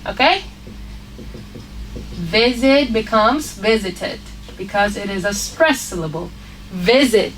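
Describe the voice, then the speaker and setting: Female teacher, unhurried lesson delivery with lots of "okay?", recorded a bit off-mic. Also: mid-range voice, a bit bright, recorded from a distance, faint music behind, poor audio. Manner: patient, repeats points with frequent "okay?" checks. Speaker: English phonics teacher. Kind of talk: online grammar lesson.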